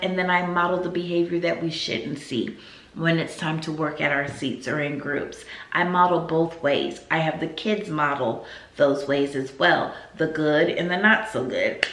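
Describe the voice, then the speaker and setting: A woman who teaches first grade, giving casual classroom advice in a chatty, animated way and acting out what she says to her pupils. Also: on the low side, reverberant.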